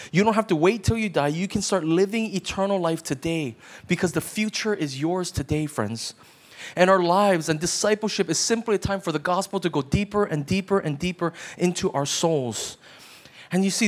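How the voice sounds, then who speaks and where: A man preaching a sermon as pastor, conversational and emphatic, often checking in with his listeners. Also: sits high. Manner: conversational preaching with frequent "right?" asides.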